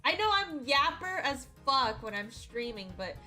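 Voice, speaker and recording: With faint music in the background, a streamer chats casually with viewers in a high, bright, sing-song voice at a measured pace. She teases playfully and often dissolves into giggles.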